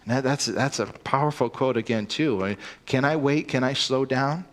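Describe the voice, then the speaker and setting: A man's voice: medium pitch, normal speed. A man preaching a sermon, earnest and emphatic, often repeating words as he starts a sentence.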